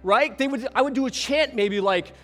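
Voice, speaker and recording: Male speaker with a high, bright voice and an animated manner, telling a story while putting questions to the crowd in a reverberant hall. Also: moderate pace. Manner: animated, asks the audience questions. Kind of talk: storytelling talk.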